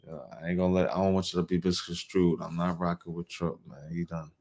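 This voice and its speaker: A man's voice: deep voice, flat delivery, fast, darkish tone. A male host giving casual, laid-back reaction commentary in slang. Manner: laid-back slang talk, laughing along. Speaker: show host reacting to clips.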